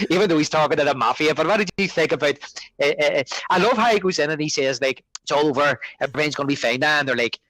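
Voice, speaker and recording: A man's voice: on the high side, fast talker, no room sound, poor audio. A man co-hosting a podcast, chatting casually about a film and acting out its lines. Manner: animated, quotes film lines in character. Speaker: podcast co-host.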